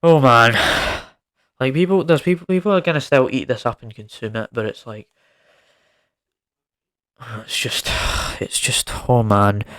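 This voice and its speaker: Man, film reviewer, casual rant, exasperated, repeats himself, smooth clear voice. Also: medium pitch, unhurried, long pauses, fairly bright tone. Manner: exasperated, rambling, repeats words.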